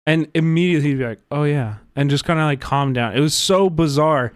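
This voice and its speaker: A man's voice: fairly high pitch, quick pace, few pauses, smooth, dry recording, studio quality. A man hosting a livestream, talking casually and earnestly, rambling with many fillers. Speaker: livestream host.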